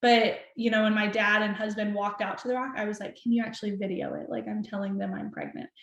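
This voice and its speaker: A young woman telling a personal story as a podcast guest, animated and chatty, full of "like". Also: medium pitch, fairly quick, muffled recording. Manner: animated, chatty, heavy use of "like". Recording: roomy echo.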